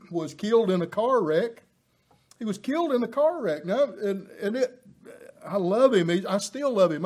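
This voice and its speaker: High-voiced, slow, impassioned male preacher. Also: darkish tone. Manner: impassioned, rising to emphatic peaks; folksy asides with filler words. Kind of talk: sermon.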